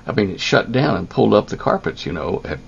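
Older texas guy, super gravelly deep voice, lots of ums and restarts, kinda muffled recording. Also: sing-song, a little hiss or hum. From United States. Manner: halting, full of ums and restarts. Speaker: interviewee. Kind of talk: telling a personal story.

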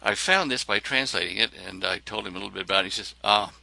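A man telling a personal story in a lively way, acting out the lines of the people in it. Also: lowish voice, fast talker, gravelly, dry recording. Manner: animated, acts out other people's lines.

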